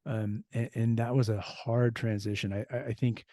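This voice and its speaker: His voice is mid-range and mellow, at normal speed with little pitch movement and no room sound. An American former US Marine turned security expert, he gives a casual interview as a guest, earnest and reflective, frequently restarting.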